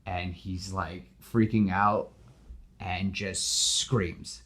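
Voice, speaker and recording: A man hosting a podcast, animatedly retelling his movie pitch with lots of "like" fillers and acted-out dialogue. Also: drawn-out words. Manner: animated storyteller, full of "like" fillers, acts out dialogue. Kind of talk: casual retelling of a film pitch.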